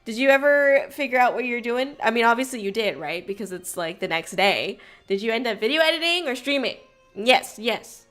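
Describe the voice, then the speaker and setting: A young woman hosting a casual livestream, bubbly and chaotic, greeting her chat loudly and laughing often. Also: on the high side, animated, fairly quick, soft background music. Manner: frequent laughter. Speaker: streamer host.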